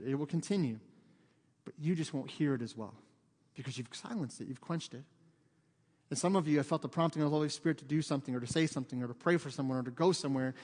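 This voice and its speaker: A man preaching a sermon as pastor, telling stories with dramatic swings from loud to hushed. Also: a little high, long reverb tail. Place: church sanctuary.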